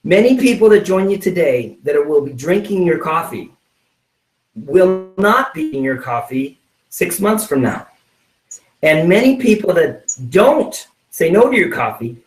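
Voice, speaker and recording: A man giving a motivational sales training talk, acting out little scenes and checking in with "right?" from his home office. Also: fairly high pitch. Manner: animated, acts out little scenes, keeps asking "right?". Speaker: network marketing trainer. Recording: roomy sound, mic at a distance.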